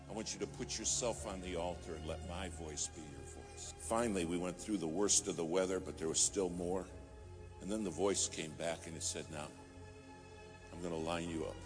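A man preaching a sermon, telling a story and rising to fervent emphasis. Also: sits low. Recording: music playing behind.

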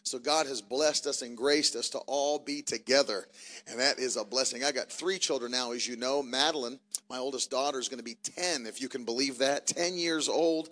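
A man in his thirties, a traveling preacher, telling jokey family stories from the pulpit with loud bursts. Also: mid-range voice, moderate pace. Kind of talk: church announcements and family stories. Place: church service.

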